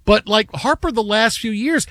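A man hosting a sports talk show, telling stories in an animated, rambling way. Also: sits high, dry recording, studio quality. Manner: animated storyteller, fast and rambling. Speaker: sports radio host.

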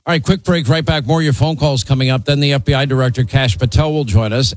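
A man's voice: medium pitch, fast, few pauses, rough recording. A man hosting a call-in talk radio show, emphatic and opinionated, often talking over others.

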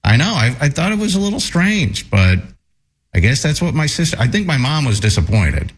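A man's voice: fairly quick, slightly rough. A man hosting a radio talk show, teasing his co-hosts and reading listener messages aloud. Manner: teasing, reads messages aloud with lively pitch.

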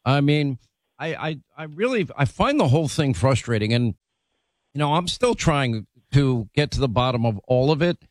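A man's voice: mid-range voice, sing-song, moderate pace, dry recording. A middle-aged man hosting an interview, making assertive, confident predictions. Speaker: interview host. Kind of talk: interview commentary.

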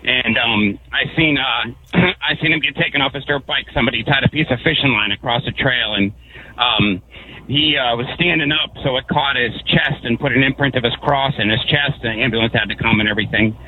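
A man's voice: medium pitch, fairly quick. A man from Connecticut calling in to a radio show, rambling through stories with lots of fillers. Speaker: caller. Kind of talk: telling stories on a call-in show. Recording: tinny phone line with faint noise.

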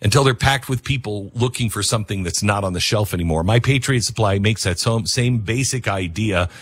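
Man, radio talk host, husky, dry sound, rambling, self-mocking. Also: on the low side, fairly quick, dry recording. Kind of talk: talk radio host reading live ads and ranting.

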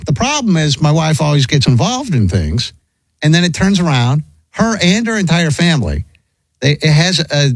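Middle-aged man, casual storytelling, lively swooping pitch, dry close sound, rambling. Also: moderate pace, husky, no room sound, low-quality recording. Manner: rambling, animated, frequent restarts.

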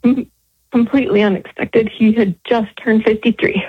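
A woman phones in to a radio show and speaks in an emotional, halting way, breaking off mid-phrase and starting over. Her voice is somewhat breathy, and the line sounds dull and closely miked. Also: on the high side, steady tone, no room sound. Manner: emotional, halting, with many restarts. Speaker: caller. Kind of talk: radio call-in.

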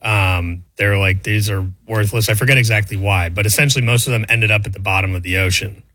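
A man's voice: fairly low pitch, quick pace, bright, forceful tone, dry recording. A man co-hosting a sports radio show, casual and joking. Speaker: show co-host.

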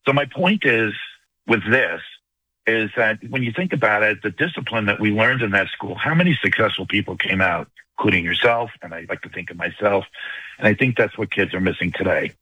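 An older caller with a strong New York accent speaks quickly and emphatically to a radio host. His voice is low and bright with a husky edge. The line sounds dry and close. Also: animated, dry recording, poor audio. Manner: fast, emphatic, talks at length. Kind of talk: call-in radio talk.

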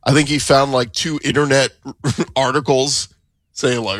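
A man's voice: medium pitch, steady tone, a little slow, fairly bright tone, no room sound, studio quality. A man co-hosting a morning sports talk radio show, speaking in a casual, wry, joking way.

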